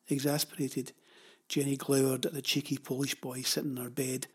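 A man narrating a children's novel in a measured, even storytelling manner. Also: medium pitch, husky. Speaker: audiobook narrator.

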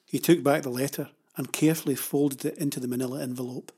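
A man narrating a children's novel in a measured, even storytelling manner. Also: medium pitch, breathy edge. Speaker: audiobook narrator.

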